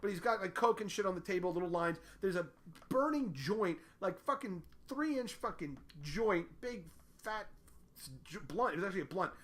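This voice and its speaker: Man, high voice, casual comic storytelling, rambling, profane, self-deprecating. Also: lively intonation, normal speed, fairly bright tone.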